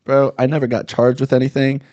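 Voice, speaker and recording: A guest comedian tells a lively story in casual conversation, acting out the angry cops at high volume. He has a mid-range voice and a brisk delivery, and the recording has no echo, with the highs cut off.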